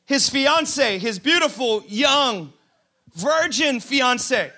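A man preaching a sermon as pastor, his voice sitting high and sounding crisp and bright. He tells stories with humor, acts out imagined lines, and doubles up words when he drives a point home. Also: extremely slow. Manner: humorous storytelling with acted-out quotes; animated, repeats words while building a point.

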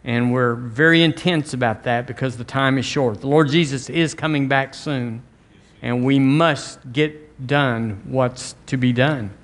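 A man's voice: medium pitch, unhurried. A man preaching a fervent sermon as pastor, leading his church in call-and-response.

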